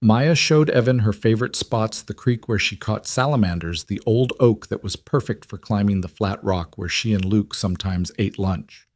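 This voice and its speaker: Man with a low narrating voice. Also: moderate pace, few pauses, no echo. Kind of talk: scripted story narration.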